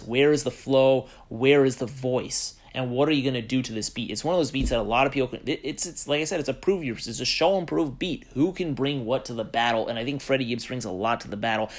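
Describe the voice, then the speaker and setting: A man casually reviewing an album on his vlog, rambling and thinking aloud with plenty of fillers. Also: medium pitch. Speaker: music reviewer vlogger. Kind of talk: casual unscripted talk to camera.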